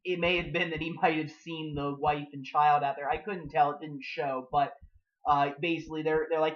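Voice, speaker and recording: A man's voice: a little high, level tone, highs cut off. A man giving a casual spoken review of a TV episode. He rambles and leans hard on fillers like "you know" and "like". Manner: acts out characters' lines in quick bursts.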